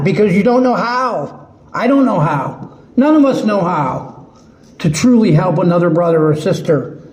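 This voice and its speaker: Slow, deep-toned preacher in an echoey room. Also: male voice, mellow. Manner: slow, earnest, halting with restarts. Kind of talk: sermon.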